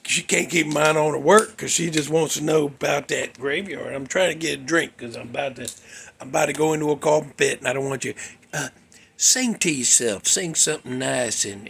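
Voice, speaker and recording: A man hosting his show, telling a ghost story in a drawling, folksy way that drops into hushed whispers. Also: fairly high pitch, slight background noise. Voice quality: gravelly, raspy. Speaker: show host.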